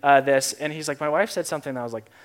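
A man's voice: fairly high pitch, very fast. A young man giving a casual, earnest sermon, talking conversationally with frequent fillers and restarts. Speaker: preacher.

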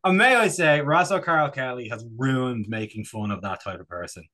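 A man's voice: mid-range voice, lively intonation, moderate pace, pushed and bright. Rambling jokey man. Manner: rambling, jokey, lots of fillers and restarts. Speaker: podcast co-host. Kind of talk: casual chat.

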